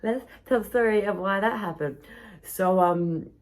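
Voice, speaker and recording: A woman's voice: medium pitch, moderate pace. A woman hosting a podcast, telling travel stories casually, swearing freely and laughing often. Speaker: podcast host. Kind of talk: casual storytelling monologue. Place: backyard.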